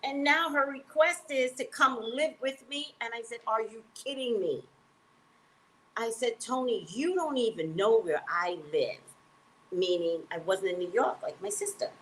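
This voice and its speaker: A woman who works as a psychic reader, telling a personal story in an emphatic, animated way and acting out the dialogue. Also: a little high, moderate pace, slight background noise, poor audio.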